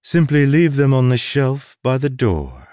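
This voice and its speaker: A man's voice: mid-range voice, sing-song, darkish tone, no echo, voice pushed up. A man voicing a powerful, condescending sorceress in an audiobook, drawing out her lines in amusement. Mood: amused. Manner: condescending, drawn-out. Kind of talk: audiobook character voice.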